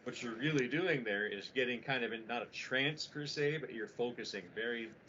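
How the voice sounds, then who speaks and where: A Utah man co-hosting a podcast tells a long, rambling, animated story during casual chat, swearing a lot. His voice is medium-pitched at a moderate pace, and the lo-fi podcast audio sounds dull with faint noise.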